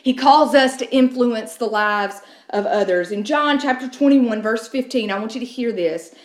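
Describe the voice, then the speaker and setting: Middle-aged woman pastor, casual storytelling sermon, a touch high, roomy echo. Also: moderate pace. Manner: conversational storytelling with frequent restarts.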